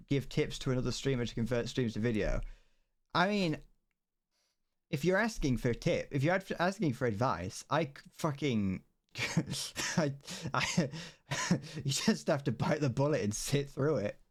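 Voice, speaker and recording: A British man talks casually on a livestream as he works on a model kit. He rambles, restarts his sentences, and laughs often. His pitch sits mid-range but swings widely and animatedly. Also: expressive, measured pace, pauses often. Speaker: streamer.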